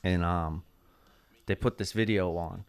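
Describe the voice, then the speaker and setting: Man, dancer, rambling podcast storyteller, swears a lot, lower voice. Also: fairly even intonation, unhurried, clean tone.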